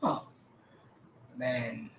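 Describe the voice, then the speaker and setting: A man's voice: medium pitch, drawn-out words, fairly bright tone, slight background noise. A man chatting casually as a vlogger, answering viewer questions, laughing often and repeating his phrases. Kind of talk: casual chat. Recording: roomy echo.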